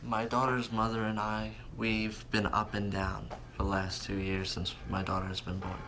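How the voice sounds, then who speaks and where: A young man and father speaking in a documentary interview, earnest and plain-spoken, pausing with fillers. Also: on the low side, monotone, music in the background, low-quality recording. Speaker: camp participant, young father. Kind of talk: documentary interview and candid phone call. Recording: noticeable background noise.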